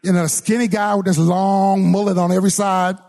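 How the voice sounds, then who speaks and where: Speaking fairly quickly in a high voice, a middle-aged preacher animatedly tells a story during his sermon. He performs the characters' voices and frequently restarts or repeats his words.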